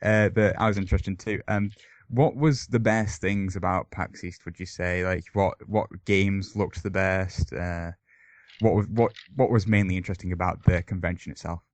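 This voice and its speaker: A man's voice: low-pitched, fairly even intonation, normal speed, no echo. A man hosting a podcast, asking questions hesitantly with many fillers. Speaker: podcast host. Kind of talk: casual podcast interview.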